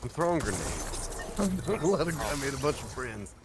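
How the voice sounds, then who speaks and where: A man's voice: mid-range voice, big pitch swings, normal speed. Joking guy laughing a lot while gaming, voice swings hugely up and down, noisy audio. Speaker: streamer playing with friends. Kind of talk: casual gaming chat.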